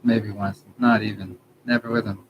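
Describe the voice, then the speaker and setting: Man, 30s, deep and monotone, halting rambling monologue, noisy background. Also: muffled recording. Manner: halting, trails off, many restarts and self-corrections. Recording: background noise.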